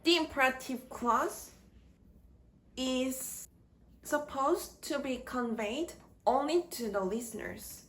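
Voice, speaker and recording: A woman giving a scripted grammar lesson, speaking slowly and deliberately in short halting phrases. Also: high-pitched, fairly bright tone. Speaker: grammar teacher. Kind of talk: slow scripted grammar lecture.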